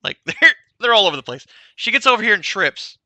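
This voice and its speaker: Give me a casual, rambling male game master with a bright voice and a dry mic. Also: high-pitched, very animated, fairly quick, no room sound. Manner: casual, rambling, laughs while narrating. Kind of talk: narrating a tabletop game.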